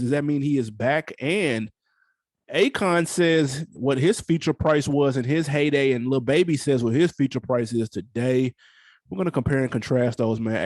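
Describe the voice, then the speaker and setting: A man's voice: mid-range voice, a little mellow, no room sound. A man co-hosting a podcast who tells stories in a laid-back, rambling, profane way and leads the show's segments. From United States. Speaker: podcast co-host. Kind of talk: casual podcast chat.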